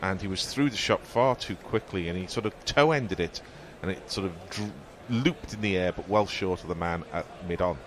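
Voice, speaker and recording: A man giving measured, descriptive ball-by-ball cricket commentary on the radio, with occasional fillers. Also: sits low, a bit bright.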